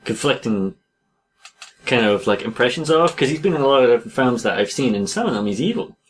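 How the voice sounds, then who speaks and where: A man's voice: mid-range voice, sing-song, a little fast, a little hiss or hum. A man co-hosting a podcast, chatting loosely with many hedges and frequent laughs. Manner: rambling, hedging with 'like', laughs often. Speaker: podcast co-host. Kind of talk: casual chat.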